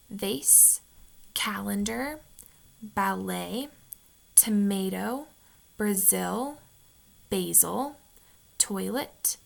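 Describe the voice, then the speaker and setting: A woman's voice: medium pitch, gravelly, a bit bright. A woman with a Utah accent in a casual vlog, reading a word list aloud and then chatting in a hesitant way, with lots of ums and restarts. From Utah, USA. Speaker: vlogger.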